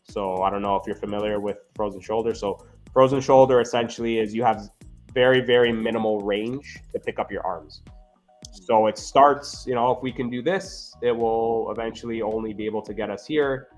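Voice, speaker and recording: Guy physio telling stories in an interview, lowish voice, keeps saying right?, soft music under. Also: moderate pace. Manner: earnest, animated, frequent "right?" tags. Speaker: physiotherapist guest. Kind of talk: casual interview storytelling.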